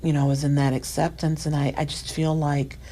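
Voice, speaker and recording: Middle-aged woman, low voice, soft-spoken, near-whispers at tender points, faint hiss behind. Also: level tone, a little fast, rough recording. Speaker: podcast guest. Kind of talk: emotional personal storytelling.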